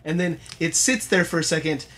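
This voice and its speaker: Young guy guest on a movie podcast, bright sharp voice, jumps in with details. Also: fairly high pitch, fairly quick. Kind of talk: casual movie discussion.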